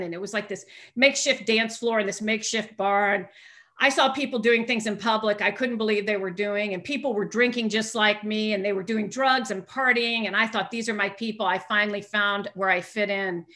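A woman's voice: mid-range voice, pushed and bright. A middle-aged woman candidly telling a personal recovery story to a group, with self-deprecating humor.

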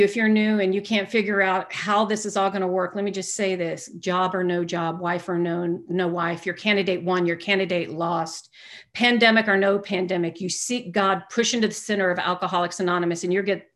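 Woman sharing at a recovery meeting: earnest, emphatic, talks through restarts, goes hushed for retold dialogue. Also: fairly low pitch, level tone, a little fast. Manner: drops to a hushed voice when retelling dialogue. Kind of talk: personal testimony share.

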